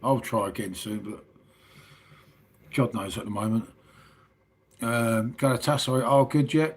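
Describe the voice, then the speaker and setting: Husky english guy chatting on his livestream, sweary, mate this mate that. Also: medium pitch, steady tone, measured pace. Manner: matey and sweary, calls everyone mate. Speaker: livestream host. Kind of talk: casual late-night livestream chat reading viewer comments.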